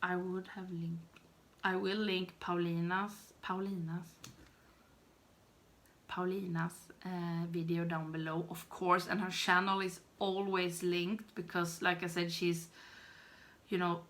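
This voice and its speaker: Woman, 30s, slow, bright tone, rambling, giggly, self-deprecating vlog chat. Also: lowish voice, flat delivery. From Sweden. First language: Swedish. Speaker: beauty YouTuber. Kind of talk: casual chat to camera.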